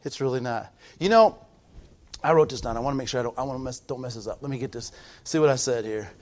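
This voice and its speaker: A middle-aged male pastor preaches a sermon fast, swinging between loud, emphatic build-ups and low, quiet asides. He uses rhythmic repetition and calls out to the audience.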